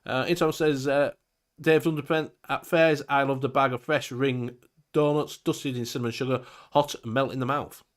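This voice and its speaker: A man's voice: mid-range voice, fairly even intonation, moderate pace. A man, hosting a casual live-stream chat, reading out viewer comments, laughing often and swearing casually. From England.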